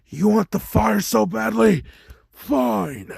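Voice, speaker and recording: A man's voice: a little high, moderate pace, no echo. Todoroki, a man doing a furious teen boy. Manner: shouting furiously. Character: angry teenage boy fighter, hot-tempered.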